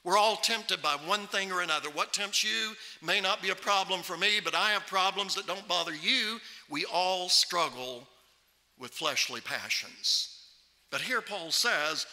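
A man preaching a sermon at a microphone in a church, emphatic and slowing right down to stress scripture. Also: sits high, animated, sharp tone. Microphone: microphone on a stand. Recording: long hall reverb from a church.

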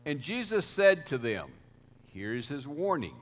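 Man, pastor, slow deliberate sermon, emphatic swells, long church reverb. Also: a little high, big pitch swings, faint music behind. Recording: reverberant hall sound.

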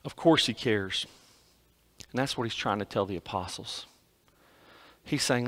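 A man preaching a sermon to his congregation, swinging from loud emphasis to hushed, quiet lines. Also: fairly low pitch, a little slow, long pauses. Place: church sanctuary.

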